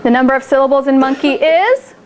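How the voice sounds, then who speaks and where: A woman teaching a phonics lesson to second graders, drawing words out slowly and praising the class often. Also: sits high, lively intonation, slight background noise. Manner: slow, drawn-out words for children, upbeat praise.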